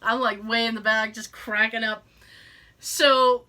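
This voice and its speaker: A woman's voice: on the high side, level tone, measured pace, sharp tone. A middle-aged woman hosting a podcast, telling a story in casual chat, swearing freely and laughing as she talks. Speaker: podcast host.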